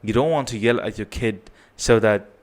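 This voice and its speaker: A man's voice: fairly low pitch, normal speed. A man giving earnest parenting advice, often checking in with "right?". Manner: earnest, repetitive, tags points with "right?". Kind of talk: advice talk to camera.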